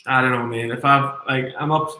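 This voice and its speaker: A man with a steady, mid-range voice at normal speed streams his live stock trades in a bright, forceful tone. A bit tipsy on red wine, he swears constantly and reads the chat aloud, in an echoey room with a little hiss or hum.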